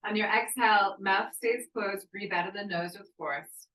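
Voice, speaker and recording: A woman yoga instructor guiding a breathwork class with calm, encouraging cues and slow counting. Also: medium pitch, echoey room, distant mic, rough recording. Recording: voice from off the mic.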